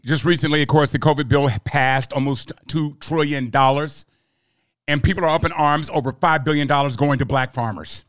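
A man's voice: on the high side, steady tone, normal speed, a bit bright, no echo, clean studio sound. Fired-up male radio host ranting. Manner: heated, sarcastic, emphatic. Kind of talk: opinion rant.

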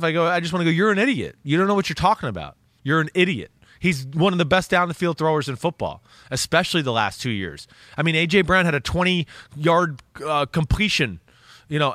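A man's voice: fairly high pitch, no echo. Fired-up, blunt football analyst man. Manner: animated, blunt, swears freely. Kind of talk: casual podcast talk.

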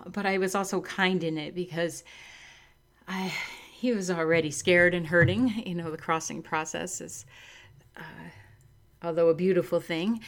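A middle-aged woman giving a reflective spiritual talk, earnest and open, laughing easily and leaning hard on key words. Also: lowish voice. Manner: earnest and warm, laughs easily, lively emphasis. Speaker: spiritual speaker.

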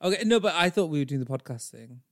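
Brief: man, podcast co-host, teasing and lively, fairly high voice, dry close sound. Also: quick pace, no room sound. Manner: teasing, animated, jumps into playful role-play. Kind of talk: casual chat.

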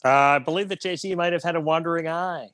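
A man's voice: a little high, brisk, fairly bright tone. A man calling in as a remote guest, giving dry, wry answers in casual chat.

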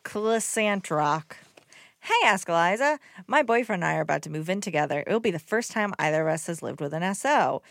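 A woman in her late twenties co-hosts a casual chat show. Her voice sits a little low and sounds dry and close-miked. She reads listener questions at a quick clip and answers with short "yeah"s. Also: animated, gravelly, dry recording. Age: 20s. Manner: brief backchannels, quick reading. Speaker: podcast co-host reading questions.

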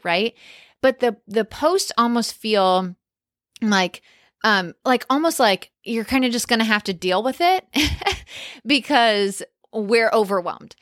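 A woman's voice: a little high, lively intonation, a little slow, no room sound, studio quality. A woman wedding planner hosting a podcast, talking casually and emphatically, with lots of "like" and quoted asides.

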